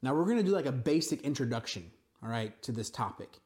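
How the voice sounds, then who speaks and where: A man preaching a sermon, telling stories in a relaxed, conversational way with frequent asides to the congregation. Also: medium pitch, quick pace. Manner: conversational storytelling with frequent "right?" and "you know". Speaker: pastor.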